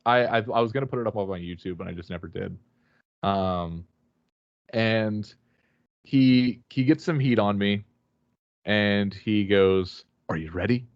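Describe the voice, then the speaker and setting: A man's voice: fairly low pitch, measured pace, pauses often, no room sound, muffled recording. A man guest on a remote call, telling a rambling, swear-filled story with many fillers and restarts. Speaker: podcast guest, wrestler. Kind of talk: casual storytelling chat.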